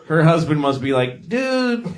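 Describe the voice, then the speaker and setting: A man doing a crude, deadpan, self-deprecating stand-up comedy set on stage. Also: high voice, measured pace. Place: comedy stage before a live audience. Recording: live stand-up with audience laughter.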